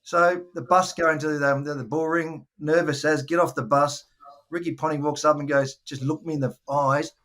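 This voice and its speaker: A man's voice: fairly high pitch, fairly even intonation, moderate pace, fairly bright tone. A man, a podcast guest telling rambling anecdotes in casual chat and acting out the voices of people he quotes. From Australia. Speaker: guest, former cricketer.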